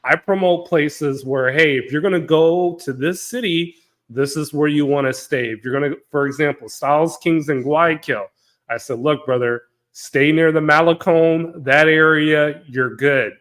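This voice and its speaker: Man, host of a live panel, slightly high voice, animated, repeats himself. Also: unhurried. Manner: animated, cuts in often, repeats words. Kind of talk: live-stream panel talk.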